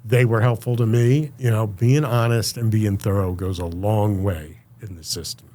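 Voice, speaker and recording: A man speaking as a podcast guest, telling his story in a casual, animated way, acting out what others said and using lots of fillers. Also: fairly low pitch, moderate pace. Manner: animated, acts out quoted voices, many fillers.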